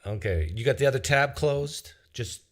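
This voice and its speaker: A man hosting a live-stream call-in show, joking with callers in a deadpan, mock-serious way. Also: mid-range voice, moderate pace. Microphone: video-call style live stream.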